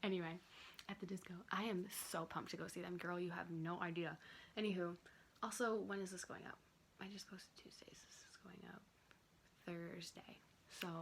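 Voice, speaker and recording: A woman's voice: medium pitch, a little hiss or hum. Rambling young woman vlogger chewing gum. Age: young adult. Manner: rambling, chatty, drifting off topic; chewing gum while talking. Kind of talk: casual chat. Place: on a bed. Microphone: handheld phone camera.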